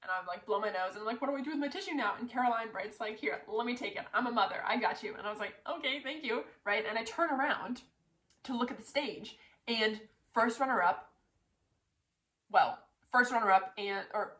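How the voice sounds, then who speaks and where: A woman excitedly retelling her pageant win to camera, talking in a breathless rush full of "like" fillers. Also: fairly high pitch, fairly quick. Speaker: pageant titleholder. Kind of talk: casual storytelling to camera. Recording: roomy echo.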